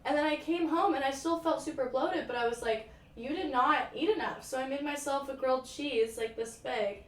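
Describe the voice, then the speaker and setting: A young woman chats on a livestream in a dramatic, swear-heavy way, with lots of "like" and "um." Her voice sits a little high and sounds set back from the mic. The room gives it an echo over faint ambient noise. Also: fairly quick, recorded from a distance. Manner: chatty, dramatic, swears freely, many "like" and "um" fillers. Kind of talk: casual chat, answering viewer comments.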